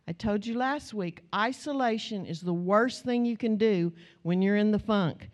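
With a medium-pitched voice, a moderate pace, and few pauses, a middle-aged American woman gives a sermon. She tells stories conversationally and rises into insistent, repeated declarations.

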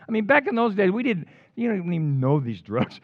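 An older man preaching a sermon in an animated storytelling way, with casual slang. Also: high-pitched, fairly quick, dry recording. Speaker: pastor. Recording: dull lo-fi dry recording.

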